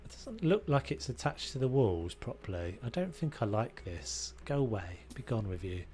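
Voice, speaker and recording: A man's voice: medium pitch, sing-song, moderate pace, a little mellow, slight background noise. A young man streaming a renovation game, casually thinking aloud and muttering to himself as he builds, with self-deprecating asides. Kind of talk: casual live-stream commentary.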